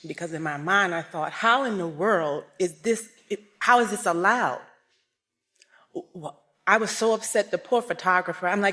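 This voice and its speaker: A woman speaks at a religious service, giving a personal testimony. She tells it with strong feeling and breaks into loud outbursts. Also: on the low side, normal speed. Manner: emotional storytelling, rising to loud outbursts.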